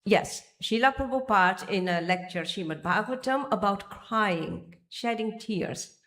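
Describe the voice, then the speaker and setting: A woman's voice: medium pitch, animated, measured pace, fairly bright tone. Woman giving a devotional temple lecture. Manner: searching for pages, restarting phrases. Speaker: speaker giving a temple class. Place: temple hall.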